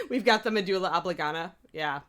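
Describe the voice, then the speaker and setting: A woman's voice: medium pitch, sharp tone. A woman hosting a hobby livestream in casual chat, rambling and laughing often as she reads out and answers chat messages. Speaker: livestream host.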